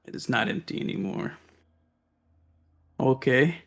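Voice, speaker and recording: A woman playing a tabletop role-playing game, slipping in and out of character with loud panicked outbursts. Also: a bass voice, measured pace. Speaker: player.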